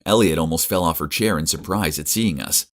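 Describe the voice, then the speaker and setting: A young man giving earnest, emotive first-person narration for an animated story. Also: very deep voice, fairly quick.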